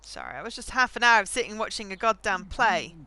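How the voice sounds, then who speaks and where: A woman streaming a video game, chatting casually with animated, jokey asides between reading lines aloud. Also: mid-range voice, a little fast. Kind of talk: casual gameplay commentary.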